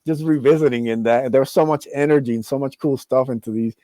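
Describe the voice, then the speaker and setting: Podcast guest, mellow warm male voice, excited and rambly, dry close sound. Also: medium pitch, fast talker, no echo. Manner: enthusiastic, rambling, lots of fillers. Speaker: podcast guest, comic creator. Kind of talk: casual chat.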